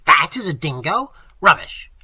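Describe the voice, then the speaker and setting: A brash, scornful lady professor, loud and much higher than a man's speaking voice, as a male narrator puts her on. Her retorts come out bright and a little husky in a dry, close sound. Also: wildly swooping pitch, takes it slowly, no echo, full character voice. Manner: shouting, dismissive. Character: scornful blustering woman professor.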